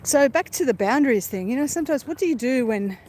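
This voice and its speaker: A woman's voice: high voice, expressive, fast, a little mellow. A woman rambling casually to viewers as she walks through a park, filming on her phone. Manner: chatty, rambling, easily distracted. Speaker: vlogger. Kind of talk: casual live-stream walk. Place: outdoors in a park. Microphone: phone held while walking. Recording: faint outdoor background noise.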